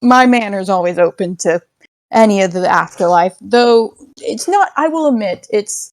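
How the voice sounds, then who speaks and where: A woman playing a gentle ghostly manor hostess. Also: mid-range voice, lively intonation, moderate pace, no echo, natural voice. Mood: gracious. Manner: gentle, motherly, giggly.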